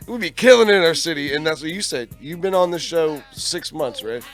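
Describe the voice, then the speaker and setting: A man from Virginia hosting a radio show, telling stories in animated, profane casual chat. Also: a little high, brisk, over music.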